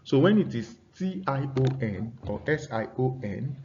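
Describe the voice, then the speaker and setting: A man gives a classroom lesson on word stress at a middle pitch, stumbling through fillers and repeated words. He calls out example words loudly and keeps checking that his students are following. The recording sounds dull and lo-fi. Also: lively intonation, moderate pace, a little hiss or hum. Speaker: English teacher.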